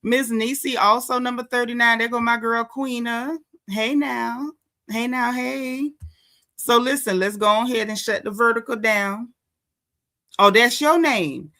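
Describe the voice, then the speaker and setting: A woman hosting a casual live stream, chatty and slangy, shouting out viewers by name. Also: fairly high pitch, measured pace. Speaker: host of a celebrity gossip live stream.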